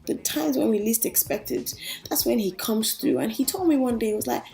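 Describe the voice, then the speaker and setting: Sounding warm, animated and a little creaky, she speaks fairly high and slightly fast as she shares her faith with viewers. The talk stays earnest, casual and inspirational, and she keeps addressing everyone as "guys."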